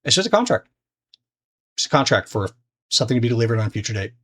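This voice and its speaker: A man talks through a trading lesson in a relaxed, chatty way. He restarts sentences and drops in fillers as he goes. His voice sits at an ordinary mid pitch. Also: fast, slightly rough. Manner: loose and conversational, many fillers and restarts. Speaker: trading teacher. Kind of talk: casual explanatory lesson.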